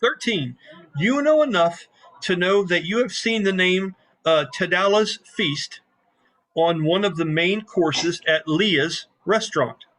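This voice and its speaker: A man's voice: sits high, animated, slow, a bit bright. A man running a tabletop game as game master, narrating in a rambling, casual way with many fillers.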